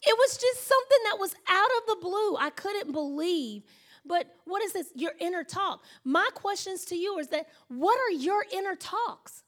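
A woman pastor preaching a sermon in an animated storytelling manner, acting out her own thoughts and laughing often. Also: extremely high pitch, moderate pace.

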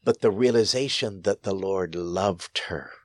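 Earnest pastor telling stories, close and dry. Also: male voice, sits low, a little slow, no room sound. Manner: earnest, emphatic, rising sharply on key phrases. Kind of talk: storytelling interview.

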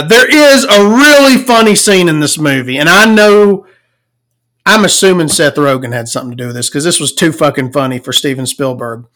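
A woman's voice: deep voice, a bit bright. A woman giving a casual, profane, sarcastic movie review from her recliner at home.

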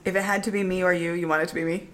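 A woman's voice: on the low side, little pitch movement, very fast. A woman co-hosting a podcast in casual chat, playful and teasing, laughing often. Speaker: podcast co-host.

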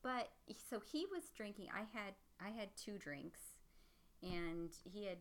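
A woman co-hosting a casual podcast chat, telling a dating story in an animated way. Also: mid-range voice, unhurried. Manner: animated storytelling, turns away from the mic. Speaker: podcast co-host.

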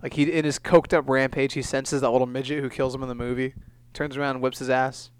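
Fast-talking young man, joking and rambling. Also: mid-range voice, little pitch movement, clear, resonant tone. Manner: rambling, joking, puts on quick voices. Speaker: podcast co-host. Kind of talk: casual chat.

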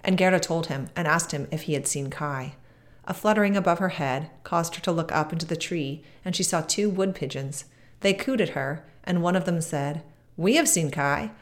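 A woman with a low voice reads a fairy tale aloud. Her narration is measured and expressive, a storyteller's steady pace. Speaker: podcast guest reading aloud.

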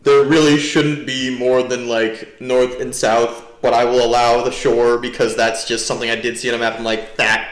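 A man's voice: medium pitch, moderate pace, few pauses. A young man from New Jersey, a podcast guest chatting casually and rambling with lots of fillers. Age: young adult. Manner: rambling, heavy "like" fillers, animated. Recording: roomy echo.

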